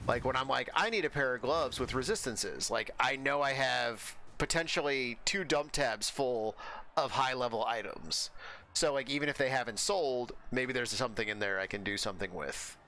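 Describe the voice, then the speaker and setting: A man's voice: mid-range voice, moderate pace, sharp tone, a little hiss or hum. A man chatting casually while playing a game, rambling with many fillers and restarts. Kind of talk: casual chat while gaming.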